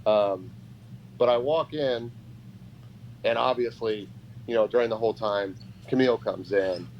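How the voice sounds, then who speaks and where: A man's voice: on the low side, a little slow. Man telling a story on a lo-fi podcast. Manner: animated, acts out quoted voices. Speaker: podcast guest, pro wrestler. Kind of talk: casual storytelling. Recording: dull lo-fi podcast audio with faint noise.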